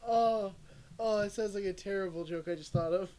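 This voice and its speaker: A man's voice: sits high, dark tone. Young man rambling on stream, laughing. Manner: rambling, laughing, swears a lot. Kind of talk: casual chat. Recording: faint background noise.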